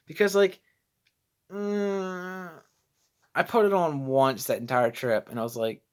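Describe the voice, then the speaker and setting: A man's voice: fairly high pitch, steady tone, slow, long pauses, clean tone. A young man vlogging casually, rambling and self-deprecating as he loses his train of thought. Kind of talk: casual vlog storytelling.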